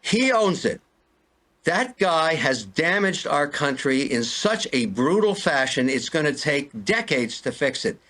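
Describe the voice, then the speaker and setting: A man's voice: a little high, very animated, unhurried, a bit bright. An older man ranting in an interview, exasperated and pleading, repeating himself. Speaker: interview guest. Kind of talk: heated interview rant.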